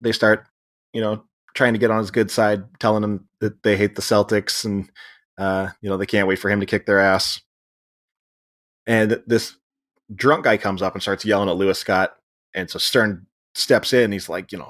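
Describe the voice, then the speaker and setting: A man's voice: lowish voice, fairly even intonation, normal speed, a bit bright. A man co-hosting a podcast, retelling a film's plot in casual chat, acting out the characters' lines and laughing often. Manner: storytelling, acts out quoted lines, laughs often. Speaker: podcast co-host. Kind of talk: casual chat recapping a film.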